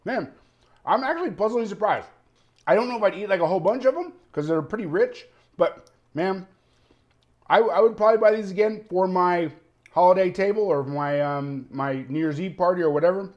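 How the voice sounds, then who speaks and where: Man host, casual food-review vlogger, slightly higher voice, chatty and enthusiastic. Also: animated, a little fast, lo-fi sound. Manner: chatty, enthusiastic, tasting on camera.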